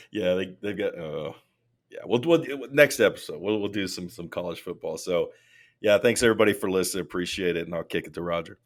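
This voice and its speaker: Deep low voice, man, animated storyteller, casual podcast chat. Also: fairly quick. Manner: animated storytelling, rising into loud mock rants. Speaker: podcast co-host.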